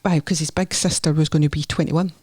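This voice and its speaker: A woman's voice: sits low, fairly even intonation, fast, darkish tone, breathy edge, no echo, clean studio sound. Chatty Scottish woman telling her story. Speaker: podcast guest, nurse therapist. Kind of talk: candid podcast conversation.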